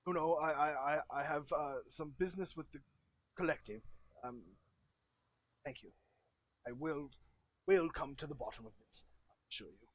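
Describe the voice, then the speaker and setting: A fussy, formal old wizard, played by a man at a tabletop game, his voice sitting a little high. He talks in a stiff, courtly way and keeps stalling and restarting mid-sentence. It's an everyday voice, with nothing much put on. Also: close to an everyday voice. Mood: solemn. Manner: stiff, formal and hesitant, halting. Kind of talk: tabletop role-play in character.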